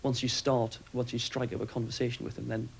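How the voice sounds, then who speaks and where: A man who served as aircrew, giving a steady, matter-of-fact account in a documentary interview. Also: medium pitch, fairly quick, creaky, a little hiss or hum, low-quality recording. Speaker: former RAF aircrew interviewee.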